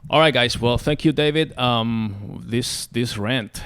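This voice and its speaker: A man co-hosting a casual podcast, quick and chatty, often repeating words as he restarts. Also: medium pitch, fairly bright tone, clear, resonant tone. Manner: quick, talks over partner, stammers on repeated words. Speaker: podcast co-host.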